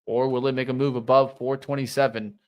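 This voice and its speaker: Man, live trading co-host, mid pitch, running market play-by-play. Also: level tone, brisk. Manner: running play-by-play of price moves.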